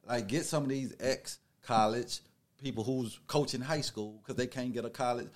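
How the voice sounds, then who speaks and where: A man's voice: medium pitch, fairly even intonation, normal speed. Slangy man in casual sports talk. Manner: loose, slangy, riffing opinions. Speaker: podcast co-host.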